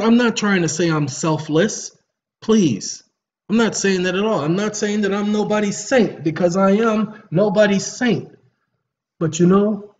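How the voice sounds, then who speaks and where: A man's voice: fairly high pitch, muffled recording, a little hiss or hum. A man giving a preachy, lecturing monologue to his viewers, repeating himself and apologizing sarcastically. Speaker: online commentator.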